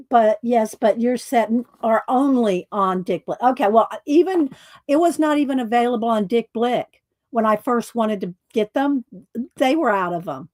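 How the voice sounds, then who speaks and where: A chatty woman, a little higher-pitched than most, hosting a relaxed art-supply livestream. She rambles and giggles between thoughts. The sound is very dry and close, with no room echo. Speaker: art channel host. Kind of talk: casual livestream chat.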